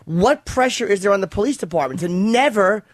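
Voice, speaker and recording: A man co-hosting a radio show who rants in blunt, profane bursts. His voice runs high for a man and sounds dry and close on the mic. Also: expressive, a little fast, no echo. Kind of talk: crude comedic radio banter.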